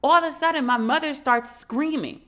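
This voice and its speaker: Woman in her forties, podcast host, casual monologue, profane, animated storytelling, fairly high voice. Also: normal speed.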